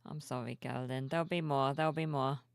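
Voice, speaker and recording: A sleepy woman streamer chatting softly and cheerfully with her viewers at home, reading their messages aloud. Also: extremely low pitch, fairly even intonation, a little fast, gravelly, no room sound. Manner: soft-spoken, cheerful, reads chat aloud. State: sleepy, yawning. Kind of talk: casual live-stream chat. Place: home room with plushies.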